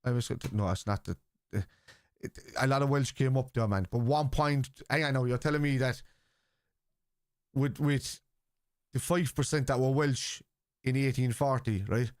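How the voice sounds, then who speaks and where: On a live football stream, a man with a medium-pitched voice chats casually with viewers at a normal speed. The sound is clean studio audio with no echo, and his manner is blunt, argumentative, and full of free swearing.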